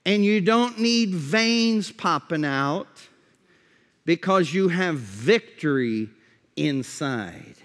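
A male pastor delivers a sermon in a high voice and at an unhurried pace. He repeats his key phrases and drops to a quieter tone to drive a point home. A long reverb trails each line, as if from a large hall. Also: lively intonation.

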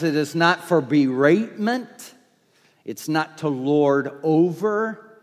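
High-voiced pastor preaching emphatically, reverberant hall. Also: male voice. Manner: emphatic, repeating declarations, rising in force. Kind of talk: sermon.

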